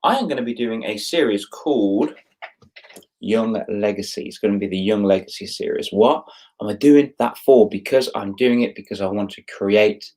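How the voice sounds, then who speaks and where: A man's voice: fairly low pitch, normal speed, darkish tone, poor audio. A middle-aged man hosting a casual livestream, greeting viewers by name and ranting with annoyance. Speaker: livestream host. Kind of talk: casual live chat to viewers.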